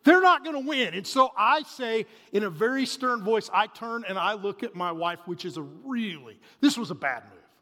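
Man preaching, high voice, animated storyteller, long hall reverb. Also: moderate pace, few pauses. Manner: animated, swings between loud bursts and hushed asides. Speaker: pastor. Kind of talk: sermon with storytelling.

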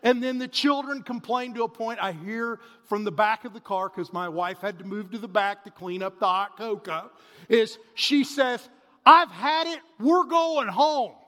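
A man in his forties preaching a sermon, telling a family story in an animated way that swings between loud bursts and hushed asides. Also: high-pitched, normal speed. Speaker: pastor. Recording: reverberant hall.

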